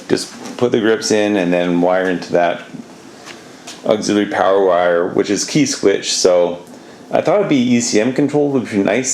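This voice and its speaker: A man's voice: on the low side, a little hiss or hum. A man narrating a casual do-it-yourself motorcycle job in a laid-back, rambling way, now and then mildly exasperated. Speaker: motorcycle DIY vlogger.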